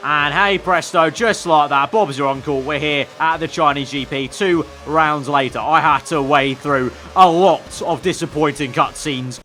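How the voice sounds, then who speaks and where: A man's voice: fairly high pitch, unhurried, hardly any pauses, sharp tone. A man commenting on his racing game as he plays, chatty with wry, sarcastic asides. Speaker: gaming video creator.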